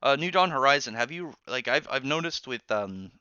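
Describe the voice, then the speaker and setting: A man hosting a casual live stream from his barracks room, rambling through chat with quick asides and restarts. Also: mid-range voice, expressive, sharp tone, clear, resonant tone, no echo. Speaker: streamer host reading chat. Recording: dull lo-fi sound.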